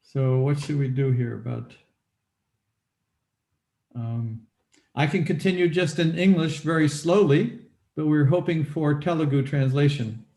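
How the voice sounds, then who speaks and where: A man's voice: fairly high pitch, unhurried, dark tone. A man presenting at a webinar over a video call, politely checking whether others can hear him. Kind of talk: live video call talk. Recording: echoey room over a call.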